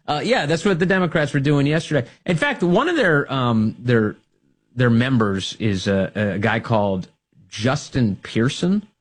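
A man's voice: medium pitch, lively intonation, normal speed. A man hosting a talk radio show, delivering a sarcastic, mocking monologue and laughing at his own jokes.

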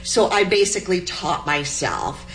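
A woman poet born in Cuba, telling stories from her life in a relaxed interview and laughing often as she talks. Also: fairly low pitch, unhurried, reverberant, soft background music, low-quality recording. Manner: warm storytelling, laughs often. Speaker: poet guest.

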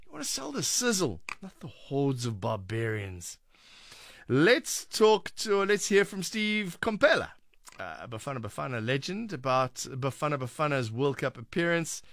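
Animated male sports host. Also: no room sound, clean studio sound. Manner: animated and mocking, jumps up high in pitch. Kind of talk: lively studio commentary.

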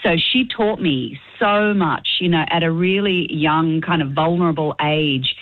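A woman's voice: sits low, unhurried. A woman with an Australian accent, a guest singer chatting on a radio interview and telling stories with laughs. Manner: chatty, laughing, animated storytelling. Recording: thin phone-line sound.

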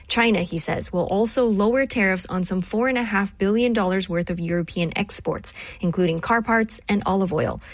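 A woman correspondent giving a radio news report in an even, informative way. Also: medium pitch, no echo.

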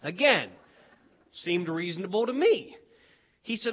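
High-voiced man telling a comic story. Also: moderate pace. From West Virginia. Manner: animated, acts out voices, builds to punchlines. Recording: dull lo-fi recording.

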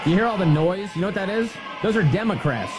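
A man hosting a political radio talk show, sarcastic and animated, laughing often as he mocks. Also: sits high, fast talker, over loud music. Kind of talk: mocking political commentary.

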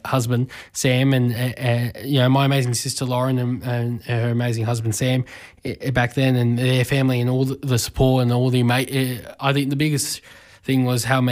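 An Australian man in his 20s hosts a community radio talk show, his mid-range voice breaking with grief. He speaks emotionally and haltingly, with many fillers and restarts.

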